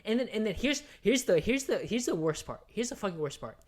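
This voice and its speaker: Podcast co-host, mid pitch, casual chat, rambling, swearing, lots of fillers. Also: big pitch swings, fairly quick, a little mellow. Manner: rambling, swearing, heated movie recap with many fillers.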